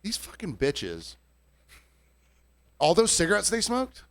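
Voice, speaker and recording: His voice sits high and he takes it slowly: a bartender telling a story in a casual podcast chat. He swears freely, gets animated and acts out his customers' voices.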